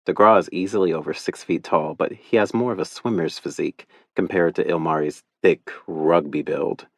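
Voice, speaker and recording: Deep-voiced man narrating an audiobook. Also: steady tone, moderate pace, no room sound, studio quality. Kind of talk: first-person audiobook narration.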